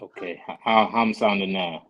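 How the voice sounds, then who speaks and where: Low-voiced man teaching a class online. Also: steady tone, fairly quick, fairly bright tone, dull audio. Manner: informal, keeps checking in with listeners. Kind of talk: casual teaching over a live stream.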